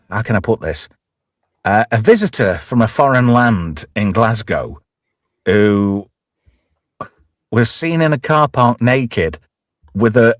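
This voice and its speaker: A man's voice: on the low side, no echo, studio quality. A man hosting a casual livestream chat show, joking around and rambling, with frequent laughs and restarts. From lived in Alberta, Canada. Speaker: host.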